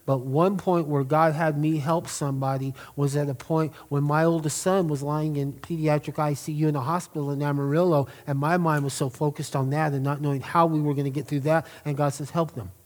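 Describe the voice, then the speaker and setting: A man's voice: fairly high pitch, level tone, fairly quick, few pauses, darkish tone. A middle-aged man, preaching a sermon in an earnest, emphatic way and drawing out key words. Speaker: pastor.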